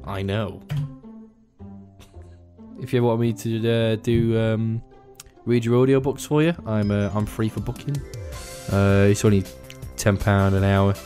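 A young man giving casual, excitable gameplay commentary, swearing freely and swinging between mumbled asides and loud outbursts. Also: fairly low pitch, unhurried, pauses often. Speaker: gaming video host. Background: faint background music.

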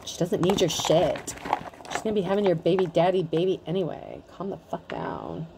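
A woman's voice: on the low side, wildly swooping pitch, moderate pace, creaky, noisy background, exaggerated voice. A woman voicing a snobbish, bratty teenage girl who scolds in a snotty tone. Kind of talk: tarot reading aside.

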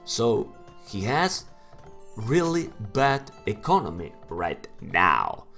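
A man with a Spanish first language casting a strategy game live in broken English, getting excited and shouting at big plays. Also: on the low side, takes it slowly, creaky, soft background music. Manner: non-native English with broken grammar. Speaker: game caster. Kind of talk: live esports commentary.

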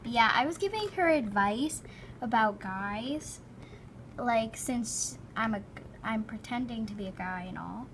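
A woman's voice: on the high side, expressive, measured pace, a bit bright, a little hiss or hum. A woman giving casual game commentary, chatty and giggly, full of dramatic exclamations. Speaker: gameplay commentator.

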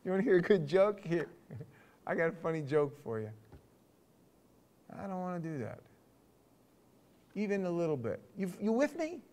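Higher-voiced man leading a casual Bible talk. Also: very animated, normal speed, long pauses, a little mellow. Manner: conversational, restarts, asks the group questions. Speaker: Bible study leader. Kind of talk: casual church teaching.

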